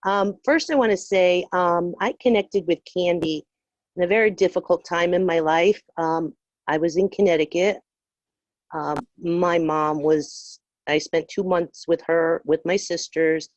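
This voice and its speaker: A middle-aged woman with a low voice shares her story earnestly, pausing with fillers as emotion comes through. The line sounds muffled and dry, as on a video call. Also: fairly even intonation, no echo. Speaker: call participant. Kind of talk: personal testimony.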